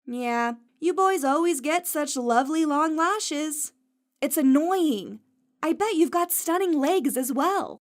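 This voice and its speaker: A woman's voice: high-pitched, lively intonation, slow. A woman reading the part of a teasing, affectionate young woman friend in an audiobook.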